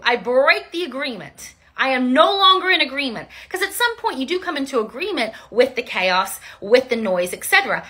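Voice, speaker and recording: A woman's voice: high-pitched, pushed and bright. A young woman giving an informal devotional teaching, emphatic and repeating her declarations again and again. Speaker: Christian teacher.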